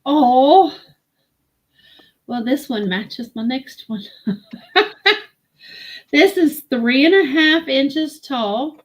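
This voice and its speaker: A woman hosting a live-stream vintage sale, slowly admiring and describing glassware. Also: on the high side. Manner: slow, admiring product descriptions.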